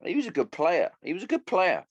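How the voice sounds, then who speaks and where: A man's voice: high-pitched, huge pitch swings, a little fast, no echo, muffled recording. A man in his thirties hosting a solo podcast, rambling and swearing casually as he chats. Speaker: podcast host.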